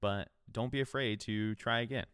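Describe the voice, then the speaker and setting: Podcast host, male, low clear voice, relaxed coaching talk, dry close mic. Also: normal speed, dry recording. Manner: casual, conversational, upbeat coaching. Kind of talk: solo podcast advice talk.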